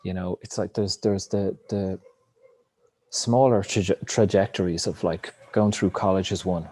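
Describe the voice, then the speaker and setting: A man's voice: lowish voice, moderate pace, a little mellow, breathy edge. A man talking in a rambling, reflective spiritual monologue, cursing now and then. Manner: rambling, reflective, swears casually.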